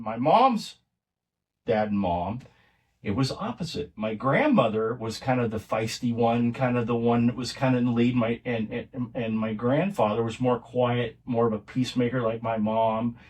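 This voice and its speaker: Family stories come from a middle-aged man guesting on a podcast, told casually with lots of rambling and restarts. He speaks at a moderate pace with medium pitch, recorded from a distance.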